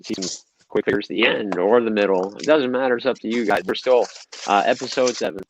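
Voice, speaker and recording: A man's voice: fairly low pitch, fast, slight background noise, rough recording. A man co-hosting a live show in casual chat, easygoing with brief replies. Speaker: co-host.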